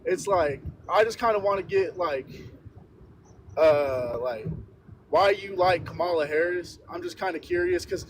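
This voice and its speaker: A man in a car passenger seat calling in on his phone, talking in relaxed slang and swearing. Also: high voice, a little slow, a little hiss or hum, poor audio. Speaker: caller. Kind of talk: casual call-in chat.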